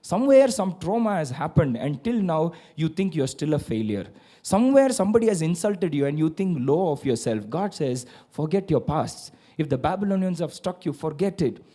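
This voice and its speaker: A male pastor preaching a sermon, building to loud repeated declarations. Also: a little high, very animated, brisk. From India.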